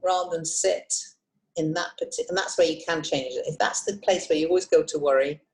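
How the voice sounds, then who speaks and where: A woman hypnotist and trainer teaching self-help techniques on a video call, expressive and encouraging. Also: low voice, fairly quick, low-quality recording. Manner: lively, expressive, encouraging, with frequent asides. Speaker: hypnotist and emotional intelligence trainer.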